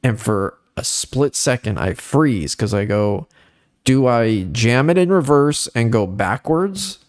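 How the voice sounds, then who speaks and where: A young man spins a story on a casual podcast, his voice climbing high whenever the story peaks. His pitch sits in the middle range. The recording is dry and close, with no room sound. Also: takes it slowly, no echo. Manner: animated storyteller, rising pitch on dramatic moments. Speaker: podcast host.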